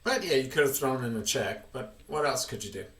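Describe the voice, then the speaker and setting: A man's voice: medium pitch, very animated, fairly quick, fairly bright tone. A man teaching a chess lesson, patiently quizzing his student with questions, recorded with room echo from a distance.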